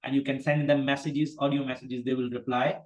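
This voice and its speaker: A man's voice: medium pitch, flat delivery, a little fast, darkish tone, echoey room, low-quality recording. A man teaching an online exam-prep class, talking with many fillers and restarts. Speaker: medical exam tutor. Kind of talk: online class, then role-playing a patient.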